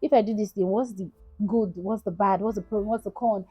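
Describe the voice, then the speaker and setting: A woman's voice: medium pitch, fairly even intonation, brisk, dark tone, slightly rough, no echo, soft background music, rough recording. A woman in her thirties, a content creator giving earnest, casual advice to camera and often checking in with "right?". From Nigeria. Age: 30s. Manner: earnest, repetitive, frequently asks "right?".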